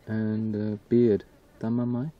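A man's voice: fairly low pitch, little pitch movement, slow. A man eliciting words in a field session, giving English glosses and checking pronunciations. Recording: dull distant old field tape.

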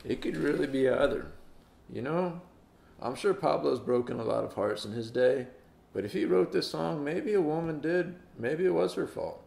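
A man's voice: a little high, expressive, moderate pace, creaky, a little mellow. A man hosting a music reaction video, chatting casually and playfully mock-quoting the singer. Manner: playful, mock-quotes the singer in put-on voices. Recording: roomy echo.

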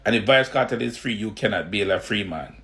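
A man with a Jamaican accent, asking questions in slow, drawn-out commentary. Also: on the low side, animated, gravelly, fairly bright tone. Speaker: vlogger being reacted to.

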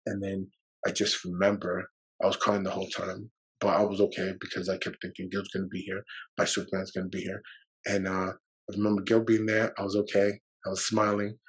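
A man's voice: low-pitched, monotone, brisk, husky, low-quality recording. A man guest on a podcast, telling a personal story in a loose, rambling way, with fillers and swearing, emotional and at times near tears.

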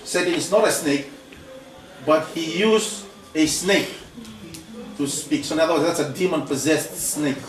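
A man's voice: on the high side, unhurried, long pauses, a crowd in the background. A man preaching at a mission training, peppering his talk with "praise the Lord" and "eh?". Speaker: pastor leading mission training. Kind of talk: preaching sermon. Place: church hall. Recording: echoey church hall, mic far off.

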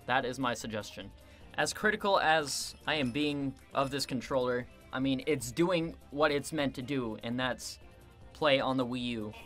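A man giving casual gameplay commentary, excitable and self-mocking, quick to vent his frustration. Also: medium pitch, soft background music. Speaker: gaming video creator.

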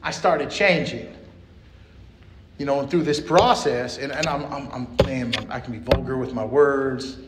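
A man's voice: mid-range voice, a little slow, very noisy. Blunt, profane man in an echoey room. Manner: blunt, profane, street slang. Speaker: speaker at a recovery meeting. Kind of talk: personal recovery share. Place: meeting room.

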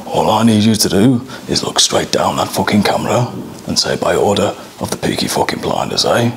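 A man's voice: big pitch swings, fairly quick, creaky, noisy background, heavily acted. A man playing a menacing, impatient gang boss who swears constantly, speaking in a comedy sketch. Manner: low, clipped, swears constantly, ends lines with "eh?". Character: menacing gangland boss running auditions, gruff and impatient.

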